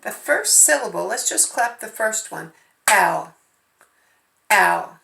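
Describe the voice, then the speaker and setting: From home, a woman gives a remote phonics lesson to first graders, patiently sounding out letters and syllables. Her slightly high voice swings widely in pitch at a normal speed, with a creaky, sharp tone, and the room is echoey.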